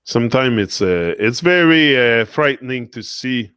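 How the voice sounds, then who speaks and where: A man's voice: mid-range voice, lively intonation, unhurried, a bit bright, clear, resonant tone, no echo. Earnest man in a dry monologue. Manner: earnest, repetitive, emotional. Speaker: motivational speaker. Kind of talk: impassioned monologue.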